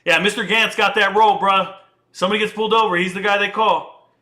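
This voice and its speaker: Brief: man, thirties, high bright voice, slangy animated commentator. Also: fast. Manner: animated, slangy, conversational storyteller. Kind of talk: casual commentary and storytelling.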